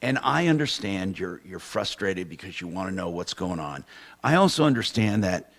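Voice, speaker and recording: Brief: middle-aged male radio host, lowish voice, firm and probing with callers. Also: big pitch swings, normal speed, fairly bright tone. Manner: firm, pressing questions, then reads sponsor spots. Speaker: consumer advocate radio host. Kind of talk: live call-in radio talk.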